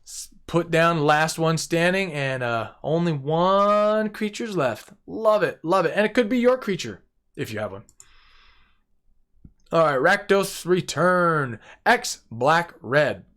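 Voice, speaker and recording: A man with a somewhat high voice talks through a card game deck in a relaxed, casual way. He sounds gleeful and playful, savoring each card and repeating words for effect. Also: slow pace, clear, resonant tone.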